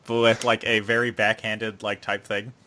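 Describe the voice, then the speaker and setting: A man's voice: lowish voice, level tone, moderate pace, pushed and bright, a little hiss or hum. Rambling man in casual chat. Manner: rambling retelling with playful acted quotes. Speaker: podcast co-host.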